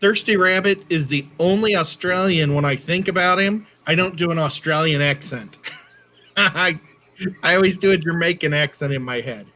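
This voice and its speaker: Bright, higher-voiced guy co-hosting a stream, chatty and jokey, light hum behind. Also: moderate pace. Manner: chatty, self-correcting, jokey. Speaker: co-host. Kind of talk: casual livestream chat.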